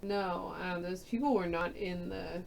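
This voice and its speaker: Woman off-mic in the room, offhand quiet remarks, gravelly, distant with background crowd noise. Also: lowish voice, steady tone, unhurried. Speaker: partner off-camera in the room. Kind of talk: casual chat.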